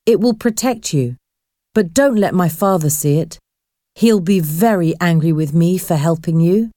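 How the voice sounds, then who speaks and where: A woman voicing a sad, gentle female Viking ghost who quietly helps the captives. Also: lowish voice, normal speed, dry recording, clean studio sound, close to an everyday voice.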